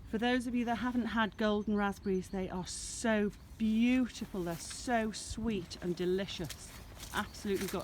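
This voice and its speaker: Out in a farm field with a handheld camera pointed at herself, a woman walks viewers around her smallholding in a casual vlog. Her mid-range voice moves at normal speed with few pauses as she meanders and fusses over her animals, with slight background noise.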